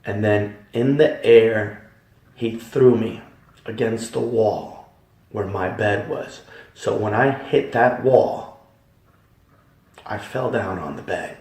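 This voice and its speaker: A man giving a dramatic Christian testimony, emphatic, swinging from hushed tones to loud ones. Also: fairly low pitch, slow pace. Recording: echoey hall, voice from far off.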